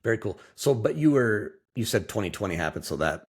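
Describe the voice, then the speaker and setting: A man hosting a podcast who asks questions in a relaxed way and keeps saying how cool things are. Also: lowish voice, a little fast, breathy edge. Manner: enthusiastic, encouraging interviewer with short affirmations. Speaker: podcast host. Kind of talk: casual interview chat.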